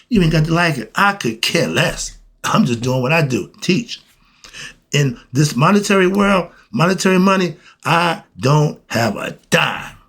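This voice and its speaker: In a fairly high, slightly rough voice, a male host preaches a blunt spiritual message using casual slang. He's emphatic and keeps asking himself questions, then supplying the answers.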